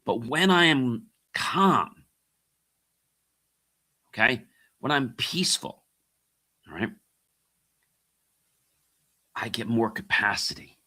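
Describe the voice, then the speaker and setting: A man's voice: medium pitch, big pitch swings, takes it slowly, long pauses, pushed and bright. A middle-aged man hosting a motivational talk, repeating his key phrases and asking the listeners rhetorical questions. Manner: addresses listeners as guys. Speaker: podcast host and coach. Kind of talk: motivational monologue.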